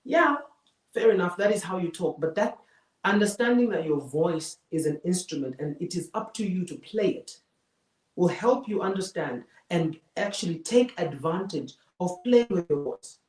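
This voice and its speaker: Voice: mid-range voice, expressive, moderate pace. A public speaking coach giving a live masterclass lecture, emphatic and fond of repeating key phrases for effect. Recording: roomy echo, mic far from speaker.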